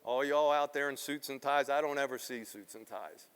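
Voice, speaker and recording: A middle-aged man from South Philadelphia giving a live keynote talk, animated and profane, acting out the quotes in his stories. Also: medium pitch, normal speed, smooth, big-room sound. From South Philadelphia, USA. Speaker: keynote speaker.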